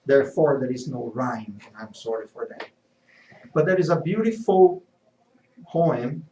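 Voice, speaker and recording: A man giving a spiritual lecture and reading a poem in an earnest, measured way, in a slightly dull, echoey recording. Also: mid-range voice, darkish tone.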